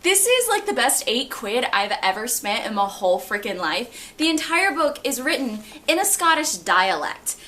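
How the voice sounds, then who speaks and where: A young woman in her twenties chatting casually and excitably about her books, laughing often. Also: fairly high pitch, moderate pace, few pauses. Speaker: book vlogger. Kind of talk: casual chat.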